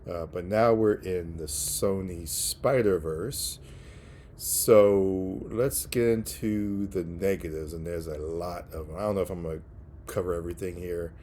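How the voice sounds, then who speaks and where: A man giving a casual spoken movie review, relaxed and halting, with many fillers and restarts. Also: sits low, a little hiss or hum.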